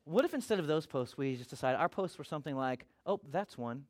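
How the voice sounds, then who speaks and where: A man's voice: on the high side, lively intonation, fast talker. A man preaching a sermon as a pastor, talking conversationally and acting out quoted voices.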